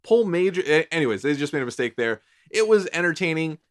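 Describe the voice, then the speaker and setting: A man co-hosting a podcast, rambling excitedly in casual chat with frequent restarts. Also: on the high side, fast talker, dry recording, clean studio sound. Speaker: podcast co-host.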